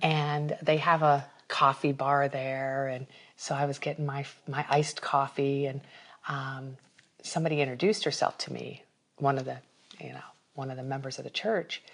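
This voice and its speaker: A woman's voice: very deep voice, steady tone, normal speed. A woman talking casually on a podcast, telling a personal story with lots of feeling and animation. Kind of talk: casual chat.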